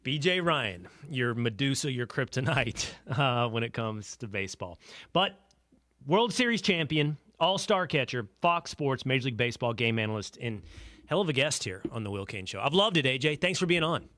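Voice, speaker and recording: Brief: animated male host, dry close mic, upbeat interviewer. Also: mid-range voice, normal speed, dry recording. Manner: lively, laughing, hype-building host. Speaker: podcast host. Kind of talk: casual interview chat.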